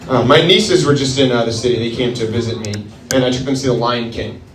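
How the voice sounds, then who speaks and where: A male stand-up comedian with a hesitant, deadpan delivery full of pauses. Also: medium pitch, far from the mic, a little hiss or hum. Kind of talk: stand-up set. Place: comedy club stage with laughing audience. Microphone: handheld stage mic. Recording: roomy club sound, audience laughter.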